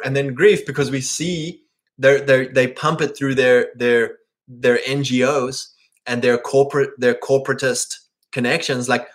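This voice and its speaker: A man in a casual, rambling monologue, full of fillers and quick asides, often acting out other people in mock voices. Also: medium pitch, steady tone, fairly bright tone. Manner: rambling, peppered with "like" and "right?".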